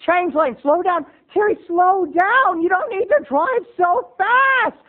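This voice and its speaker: A man's voice: very high-pitched, slow pace, narrow, tinny audio, voice pushed up. A man voicing a frantic, fussing middle-aged mother who backseat drives.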